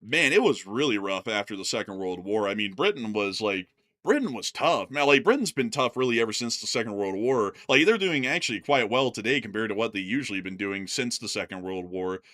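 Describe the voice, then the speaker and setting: A man's voice: fairly low pitch, lively intonation, brisk, fairly bright tone. An American man co-hosting a channel, chatting casually and rambling with lots of "like" and "man" between laughs. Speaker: co-host of a news commentary channel. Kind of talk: casual chat.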